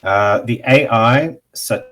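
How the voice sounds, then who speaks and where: A man giving a casual online pronunciation lesson, explaining slowly with many pauses and fillers while sharing his screen. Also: medium pitch, fairly bright tone. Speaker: language teacher.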